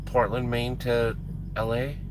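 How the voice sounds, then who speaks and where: A man with a mid-range voice talks in a level tone at a slightly slow pace, with noise in the background. He's a truck driver chatting casually with his livestream viewers, rambling and repeating words for emphasis.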